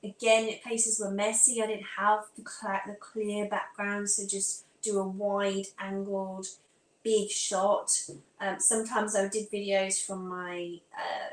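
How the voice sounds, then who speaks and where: A woman's voice: medium pitch, flat delivery, slow pace. A woman from England with a near-standard southern English accent, hosting a casual live stream from home. She chats to viewers while fiddling with her phone and laptop, scattered and talking to herself. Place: room at home. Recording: echoey room with faint ambience.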